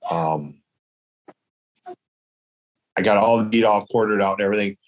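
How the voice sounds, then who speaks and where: A man from Michigan tells a story at an easy pace, wandering a little and dropping into other people's voices as he quotes them. His voice sits on the low side. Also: moderate pace. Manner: relaxed, rambling, acts out quoted voices. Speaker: guest, traditional bow hunter. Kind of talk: casual storytelling.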